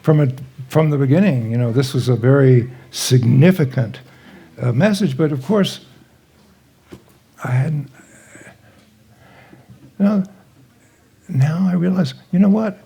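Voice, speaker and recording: An older man speaks to a gathered audience in a gentle, halting way, pausing often as he searches for words. His voice is low-toned and husky, with a gravelly edge and little brightness. He shares his memories in a reflective, unhurried style. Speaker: guest speaker at a spiritual gathering. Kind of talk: reflective talk with personal stories. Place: live talk to a gathered audience.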